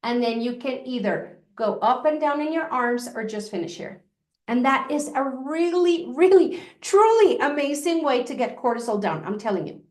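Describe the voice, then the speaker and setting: A woman's voice: sits high, expressive. Soothing woman teaching over an echoey call. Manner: soothing, reassuring, slows to a soft murmur when guiding. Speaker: energy medicine teacher, guest. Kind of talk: instructional demonstration. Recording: echoey room.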